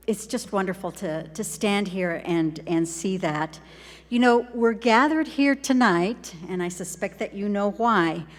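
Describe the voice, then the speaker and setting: An older woman speaks at a podium mic in a large ceremony hall, her words carrying a long reverb. She talks slowly and deliberately, warm and encouraging as she addresses graduates. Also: medium pitch. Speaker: school superintendent giving a graduation address. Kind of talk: ceremonial speech.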